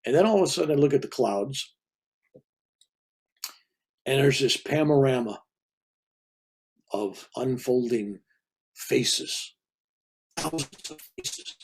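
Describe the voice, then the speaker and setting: A man's voice: medium pitch, husky. An older man, a reverend, telling a spiritual story in a casual, rambling way. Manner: rambling, casual, with restarts and asides. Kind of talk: conversational storytelling.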